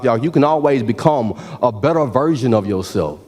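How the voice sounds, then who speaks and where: A man's voice: mid-range voice, very animated, brisk, few pauses, darkish tone. A man, giving a motivational keynote speech at a university ceremony in a preacherly call-and-response style. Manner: preacherly, repeats "y'all" often, call-and-response. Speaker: keynote speaker. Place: large hall at a university ceremony.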